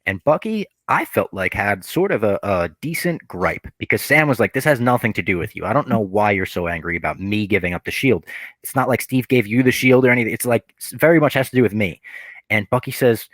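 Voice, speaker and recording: A man co-hosting a casual podcast, retelling a TV episode in a lively way and briefly acting out the characters' lines. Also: fairly low pitch, fairly quick, no room sound. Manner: animated retelling, acts out quoted characters. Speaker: podcast co-host.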